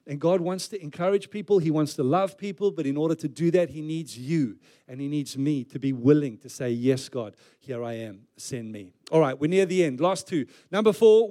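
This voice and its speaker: A man preaches a sermon in a relaxed, conversational way, slipping in light jokes between his points. His voice sits a little higher than most men's. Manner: conversational preaching with joking asides. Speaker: pastor.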